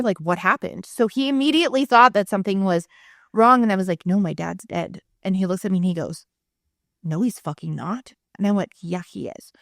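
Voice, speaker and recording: A woman's voice: lowish voice, no echo, clean studio sound. Frank, swearing woman recounting a loss. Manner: frank, swears freely, animated retelling. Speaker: podcast co-host. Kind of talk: candid personal storytelling.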